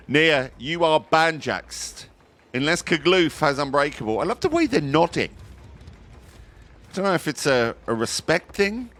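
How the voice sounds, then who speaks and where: A man giving live commentary on a competitive online match, chatty and jokey, breaking into excited high exclamations. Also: normal speed. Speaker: esports commentator.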